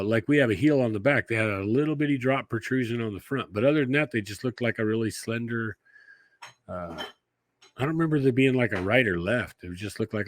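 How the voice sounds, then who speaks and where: Low-voiced man telling a folksy story. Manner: folksy, rambling, swears casually. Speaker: guest. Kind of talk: casual storytelling.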